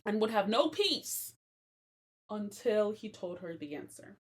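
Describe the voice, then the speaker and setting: A young woman hosting a podcast, giving casual commentary on a Bible story, animated and slangy and laughing often. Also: mid-range voice, measured pace. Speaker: podcast host.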